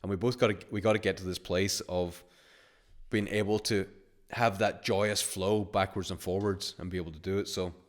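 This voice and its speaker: A man's voice: sits low, steady tone, normal speed. A man hosting a live course webinar, talking casually in rambling anecdotes, reading out chat comments and sometimes swearing. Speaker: course host.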